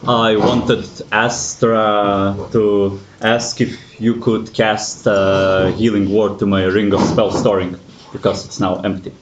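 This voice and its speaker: Low-voiced male player, noisy mic. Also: little pitch movement, slow pace, roomy sound, lo-fi sound. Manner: matter-of-fact, explaining rules with fillers. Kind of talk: casual game talk.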